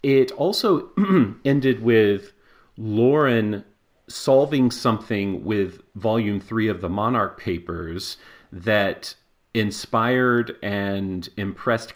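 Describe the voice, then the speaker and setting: A man hosting a podcast, talking loosely over a video call. His voice sits low, and he wanders through his points with lots of "um"s and laughs. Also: slow pace. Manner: rambling, with many fillers and laughs. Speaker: podcast host. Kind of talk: casual podcast chat. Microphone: personal microphone on a video call.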